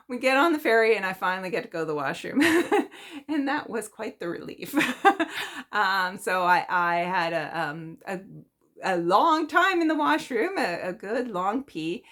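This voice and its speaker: A woman vlogger tells a story in a chatty, animated way and laughs often. Her voice is bright and sits at a middle pitch. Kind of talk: casual storytelling.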